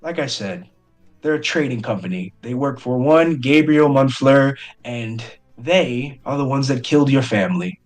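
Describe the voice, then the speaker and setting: A man's voice: medium pitch, expressive, moderate pace, faint music behind, natural voice, rough recording. A man voicing a smug, menacing male gang boss who carries a gun, with a sneering, threatening delivery.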